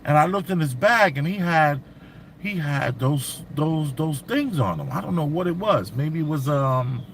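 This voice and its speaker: A man telling a story in casual commentary, animated and slangy, acting out what others said. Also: fairly high pitch, a little slow, a little hiss or hum. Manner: animated, acts out quotes, slang.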